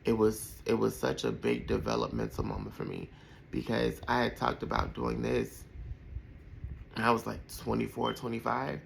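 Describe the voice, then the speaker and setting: A man in his thirties speaks with a deeply gravelly, creaky voice, his pitch rising and falling in a lively way. He talks through personal memories with heartfelt warmth, rambling and full of fillers. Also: moderate pace, slight background noise, rough recording. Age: 30s. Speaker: podcast host. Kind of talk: personal reflective storytelling.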